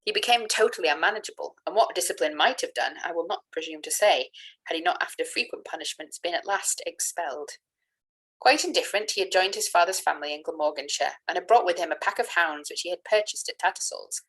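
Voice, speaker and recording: A woman with a somewhat low voice reads an old gothic novel aloud. Her delivery is careful and steady, and she stumbles on a word now and then before correcting it. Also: fast, slightly rough. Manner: careful reading with small slips and self-corrections. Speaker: reader of a novel.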